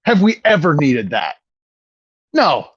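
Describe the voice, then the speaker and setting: A man's voice: on the high side, huge pitch swings, slow pace, fairly bright tone, slightly rough, no room sound, lo-fi sound. A man co-hosting a podcast in casual chat, swearing often and talking with eager enthusiasm. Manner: profane, enthusiastic wrestling fan. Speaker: podcast co-host.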